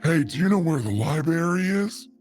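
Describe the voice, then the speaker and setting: A man's voice: a little high, expressive, normal speed, soft background music, lightly acted. A man voicing a huge, crude male brute who talks bluntly and mockingly in a tabletop game.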